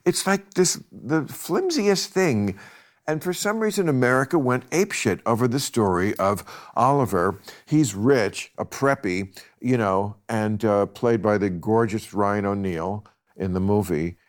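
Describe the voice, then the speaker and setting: A man's voice: fairly low pitch, lively intonation, a little slow. A man hosting a casual chat, wry, blunt and profane, often chuckling mid-sentence. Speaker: host.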